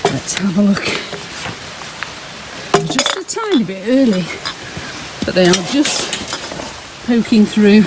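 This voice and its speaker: A woman leading a Sunday school walk, giving a gentle, reflective talk outdoors while slightly out of breath. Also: medium pitch, very animated, slow, long pauses, noisy background. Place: outdoors on a frosty hillside walk.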